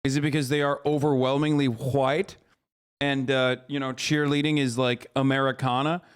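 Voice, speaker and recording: A man's voice: mid-range voice, level tone, normal speed, clean tone. A man streaming live reaction commentary, mocking and incredulous in a casual way.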